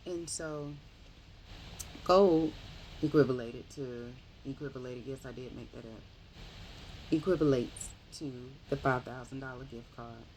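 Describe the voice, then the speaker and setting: A woman casually retelling a book's plot in a rambling, animated way, often correcting herself. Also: rumbling low, a little slow, pauses often, slight background noise, rough recording. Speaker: book reviewer. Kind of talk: casual book review.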